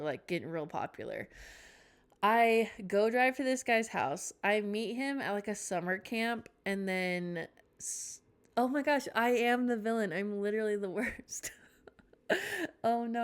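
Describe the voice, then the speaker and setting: A woman's voice: medium pitch, clear, resonant tone. A young woman hosting a podcast, telling a rambling storytime with tangents and self-mocking asides. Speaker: podcast host. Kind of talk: casual storytime chat.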